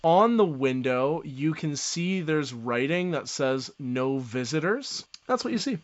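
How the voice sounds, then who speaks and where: A man narrating as game master of a tabletop game, describing scenes in a loose, unhurried way. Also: fairly high pitch, lively intonation. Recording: dull lo-fi sound.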